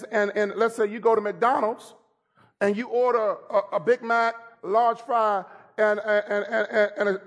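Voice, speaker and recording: High-voiced preacher man, shouting and joking. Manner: humorous storytelling preacher, breaks into shouts; teases the congregation directly. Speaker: pastor. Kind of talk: sermon. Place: church service.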